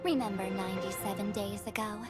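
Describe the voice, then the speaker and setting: A woman voicing a composed hostess of memories in a game clip, speaking in a calm, coaxing, faintly teasing way. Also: mid-range voice, a little fast, natural voice. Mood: solemn. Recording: game clip with music behind. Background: music.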